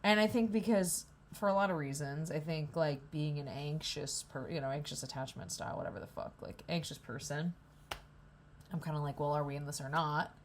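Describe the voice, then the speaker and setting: A woman's voice: deep voice, a little fast, a little hiss or hum. A young woman rambling in a candid, profane vlog at a coffee shop, hungover. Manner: rambling, profane, self-deprecating. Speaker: vlogger.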